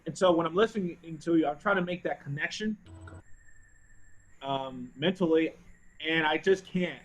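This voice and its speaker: A man teaching a group bass class over a video call, thoughtful and often restarting phrases while he searches for words. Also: moderate pace, rough recording.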